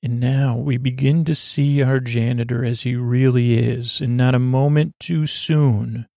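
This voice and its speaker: A man telling a slow, meandering bedtime story as a podcast host, with many fillers. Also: medium pitch, fairly even intonation, vocal fry, warm tone, no room sound, clean studio sound. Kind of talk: improvised bedtime story narration.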